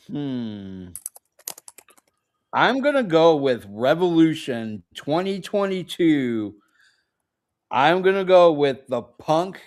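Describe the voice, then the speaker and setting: A man co-hosting a casual podcast chat, blunt and jokey as he makes his case. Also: mid-range voice. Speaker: podcast co-host.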